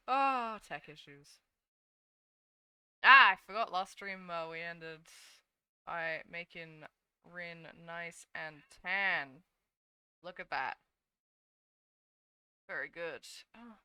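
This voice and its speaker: A woman's voice: fairly low pitch, extremely slow, pauses often, pushed and bright, clear, resonant tone, dry recording. A young woman streaming as a VTuber, chatting casually and sleepily with her viewers while she draws, swearing now and then. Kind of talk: casual live-stream chat while drawing.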